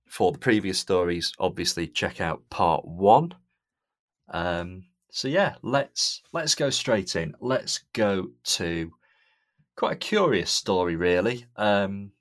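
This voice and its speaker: Deep voiced guy hosting a podcast, lots of ums, dead dry room. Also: no room sound. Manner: relaxed, frequent ums, hands over to co-hosts. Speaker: podcast host. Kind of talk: casual podcast chat.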